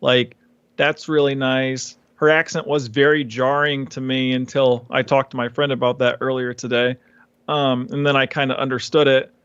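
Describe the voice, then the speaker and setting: A man's voice: mid-range voice, little pitch movement, moderate pace, fairly bright tone, clean tone, no echo, highs cut off. A man co-hosting a podcast in casual discussion, hesitant and full of fillers. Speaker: podcast co-host.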